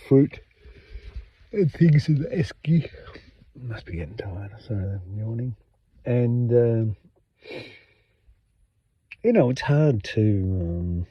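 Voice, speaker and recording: A man hosting his own podcast, talking unscripted late at night in a rambling, halting way with many fillers and restarts. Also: fairly low pitch, dry recording, lo-fi sound. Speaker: podcast host.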